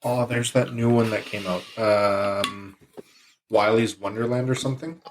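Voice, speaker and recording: A man co-hosting a podcast, making low-key, offhand remarks in casual chat. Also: steady tone, a little slow, a little hiss or hum, rough recording. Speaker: podcast co-host.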